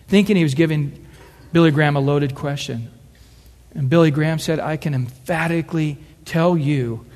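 A man's voice: a little high, a little mellow, big-room sound. A middle-aged man preaching a sermon in an earnest, conversational way, acting out quotes as he goes.

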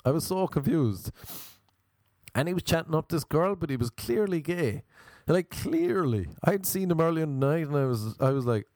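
A young adult man, telling a comic story in a casual, animated way, full of asides and impressions. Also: a little high, normal speed, dry recording. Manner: animated, mimics people, rambling asides.

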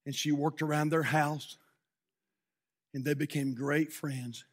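A man preaching a sermon from a church pulpit, telling a story dramatically with sudden hushed drops and loud shouted peaks, then leading prayer. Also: a little high, level tone, slow. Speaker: pastor.

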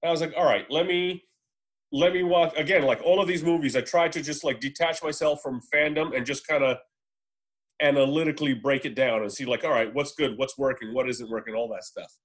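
A man with a somewhat higher voice talks loosely and rambles, stacking up fillers and restarts as he goes. He swears freely and keeps it casual. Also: brisk. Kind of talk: casual chat.

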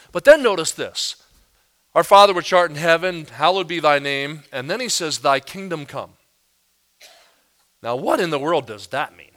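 A man preaching a sermon, telling stories and acting out quotes in lively voices. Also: on the high side. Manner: animated storytelling, acting out quotes in different voices. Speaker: pastor.

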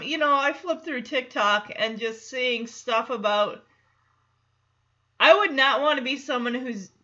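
A woman's voice: fairly high pitch, pushed and bright, highs cut off. A woman hosting a podcast, recapping an episode in casual chat and quoting characters in little voices. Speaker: podcast host.

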